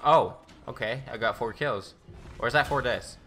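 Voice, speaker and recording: Man, gaming commentary, excitable, boastful, sharp bright tone. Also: mid-range voice, normal speed. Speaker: gaming YouTuber. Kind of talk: live gameplay commentary.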